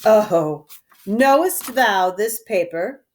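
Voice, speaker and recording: A woman voicing a stern nobleman, commanding, slow. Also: mid-range voice, expressive. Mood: angry. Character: stern nobleman, the queen's husband. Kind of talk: dramatic reading of verse.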